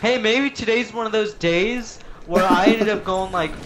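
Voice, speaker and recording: A man's voice: high-pitched, normal speed, heavy background noise. A man chatting casually while gaming, rambling through crude jokes and stories. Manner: rambling, joking, crude humor. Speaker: gamer chatting with friends.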